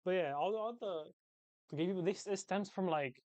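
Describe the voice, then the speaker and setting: A young man talks to his viewers in an easygoing, slangy ramble, often saying the same thing twice. His voice sits a little high and comes across clean and smooth. The sound is dry, with no room echo. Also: normal speed. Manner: rambling, repeats phrases, relaxed slangy talk. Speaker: livestream host chatting with viewers. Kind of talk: casual chat.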